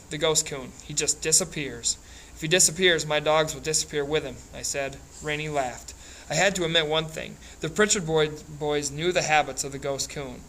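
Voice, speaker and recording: A man reading a novel aloud in a plain, steady way, with small slips and restarts. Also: fairly high pitch, a little hiss or hum, rough recording. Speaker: reader.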